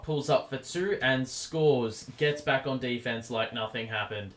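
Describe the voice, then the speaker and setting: A man hosting a live watchalong stream, calling the game play by play in a casual way, his voice going hoarse and getting loud over big plays. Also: medium pitch. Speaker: stream host.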